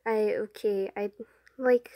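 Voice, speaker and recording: A woman's voice: mid-range voice, fairly even intonation, slow pace, dark tone, dry recording, close to an everyday voice. A woman voicing a nervous young male photographer who stammers over his words. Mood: stammering.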